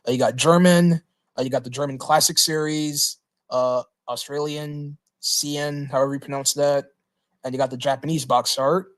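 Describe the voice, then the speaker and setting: A man hosting a livestream, reading through a list in a casual, halting way with lots of "uh" fillers and restarts. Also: a little high, steady tone. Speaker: livestream host.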